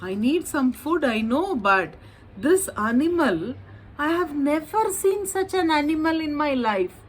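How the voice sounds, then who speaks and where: A woman's voice: high voice, lively intonation, unhurried, pitched above the performer's own voice, poor audio. A wary, doubtful tiger, as a woman puts it on. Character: hungry, cautious, doubtful tiger.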